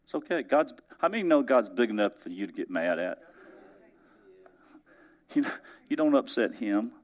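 A man preaching a sermon in a conversational storytelling way, chuckling as he goes and swinging between emphatic rises and soft, hushed drops. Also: medium pitch, very animated, normal speed. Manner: chuckles through his stories. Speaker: pastor.

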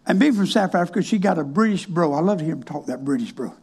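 A man's voice: on the high side, expressive, fast, darkish tone, breathy edge. A male pastor preaching in a folksy, colloquial way, telling stories from his counseling work. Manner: folksy, colloquial, switches between quoted voices. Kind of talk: folksy sermon storytelling.

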